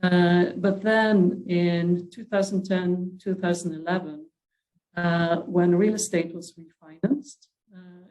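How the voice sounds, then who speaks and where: A woman with a Dutch accent joins a panel discussion over a remote video call, speaking softly in a lower register. She talks at an unhurried, slow pace, pausing often with halting fillers. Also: steady tone, rough recording. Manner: hesitant, many fillers; soft-spoken, drops her voice.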